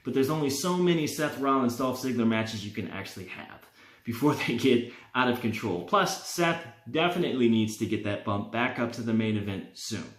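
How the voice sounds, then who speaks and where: A man hosting a wrestling vlog, talking in an animated, opinionated way and laughing now and then. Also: mid-range voice, moderate pace. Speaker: wrestling vlogger. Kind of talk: casual fantasy-booking talk. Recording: roomy, echoey.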